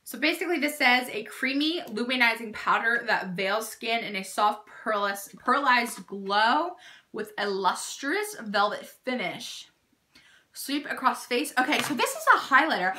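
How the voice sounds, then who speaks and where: A young woman in a casual beauty unboxing vlog, gushing and excitable as she talks to her viewers. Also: a little high, measured pace. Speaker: beauty YouTuber.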